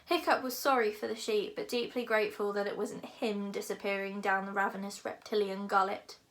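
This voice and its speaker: A woman narrating a children's book aloud with expressive storytelling. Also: medium pitch, a little fast. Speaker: audiobook narrator. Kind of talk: scripted narration.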